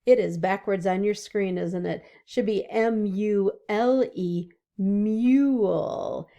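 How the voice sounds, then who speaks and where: Over distance learning, a woman teacher with a warm, mid-range voice gives young children a slow, sing-song phonics lesson, drawing out every word.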